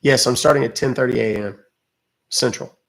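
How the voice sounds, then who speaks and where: Man, gravelly voice, mid pitch, chatty livestream host, wisecracking, casual swearing. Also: fairly even intonation, fairly quick, noisy background. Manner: chatty and wisecracking, swears offhandedly, calls viewers kids. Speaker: livestream host calling scammers.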